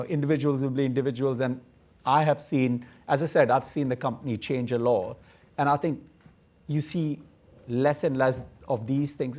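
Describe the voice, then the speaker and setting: A man speaking as a corporate executive on a conference panel, earnest and measured, often repeating words as he works toward a point. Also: medium pitch, a little mellow. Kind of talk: panel discussion.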